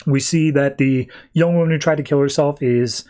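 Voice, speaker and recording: Casual podcast host retelling comics. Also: male voice, on the high side, steady tone, warm tone. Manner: loose storytelling full of "like" and quick restarts. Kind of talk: casual comic-book recap.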